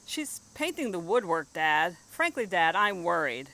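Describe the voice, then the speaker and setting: A woman's voice: on the low side, very animated, unhurried, creaky, pushed and bright, full character voice, rough recording. A woman voicing a worried young boy who pleads with his father in eager, rising questions. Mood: worried pleading.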